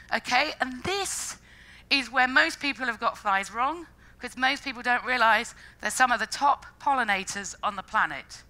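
A woman giving a public science lecture with a bright, forceful voice pitched a little high. She is bubbly and jokey, breaking into little sung noises and playful put-on voices as she talks. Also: rough recording. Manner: enthusiastic, jokey, acts out quoted voices. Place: lecture stage before an audience.

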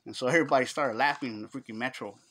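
Speaking very fast in a medium-pitched, fairly bright voice, a middle-aged man spins a casual story. His Los Angeles Chicano English comes through in the street slang, and he performs each quoted line.

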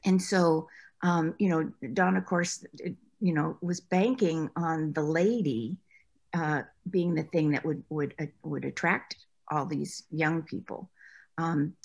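An American woman, a former actress, chats as an interview guest, telling anecdotes and laughing often as she remembers her acting work. Her voice is low and her pace a little slow, in a conversational interview.

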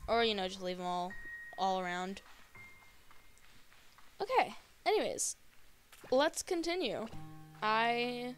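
High-voiced, gushing woman gamer. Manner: gushing, easily excited, talks to creatures on screen. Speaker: gaming video host. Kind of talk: casual let's-play commentary.

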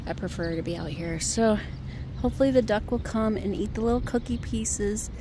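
A woman's voice: medium pitch, fairly quick, noisy background. A woman chatting casually to the camera in a rambling vlog, partly outdoors by a lake. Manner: chatty and rambling, talks softly to a duck. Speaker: vlogger.

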